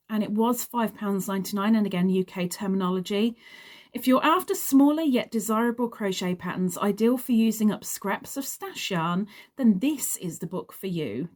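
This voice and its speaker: Woman, crochet vlogger, unhurried delivery, reads passages aloud then drifts into chatty asides. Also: mid-range voice, a little mellow. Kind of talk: casual magazine review, reading passages aloud.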